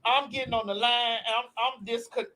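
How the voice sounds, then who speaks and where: Brash, profane host with a bright voice. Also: female voice, fairly high pitch, moderate pace. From Florida. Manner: brash, profane, animated storytelling. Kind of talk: casual chat.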